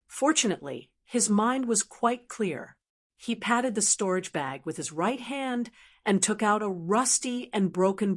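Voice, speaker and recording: A woman's synthetic voice reading an audiobook in even, steady scripted narration. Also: medium pitch.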